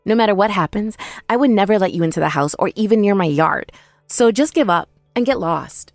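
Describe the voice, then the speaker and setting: A woman's voice: medium pitch, animated, fairly quick, vocal fry, no echo, soft background music. A young woman telling a first-person dramatized story in an indignant, accusing manner. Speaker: narrator and protagonist.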